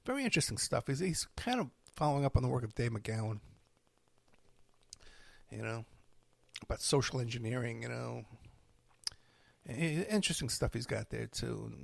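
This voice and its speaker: A middle-aged man, hosting a podcast and telling stories in a rambling, animated monologue. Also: mid-range voice, creaky, no echo. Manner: rambling, animated storytelling with laughs and asides. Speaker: podcast host.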